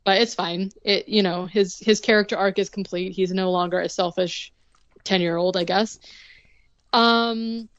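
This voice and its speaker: A woman's voice: mid-range voice, fairly even intonation, a little slow, dry recording. Rambling woman cohost, casual movie-recap chat, dry dull podcast audio. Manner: rambling, full of ums and likes, bursts into bubbly impressions. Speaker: podcast co-host.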